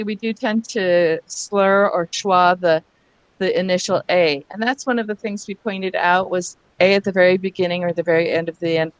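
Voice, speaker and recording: A woman's voice: on the low side, clean tone, dry recording. A woman leading a teacher workshop on reading over a video call, patiently sounding out words syllable by syllable. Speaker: reading instructor.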